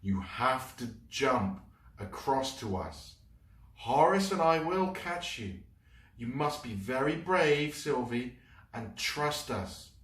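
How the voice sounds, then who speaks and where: A brave, earnest boy talks in a lively, encouraging way, as a man reading a storybook plays him. The voice sits back from the mic in an echoing room. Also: mid-range voice, slow. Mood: calm, encouraging. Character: young boy, brave and reassuring leader. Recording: roomy, mic at a distance.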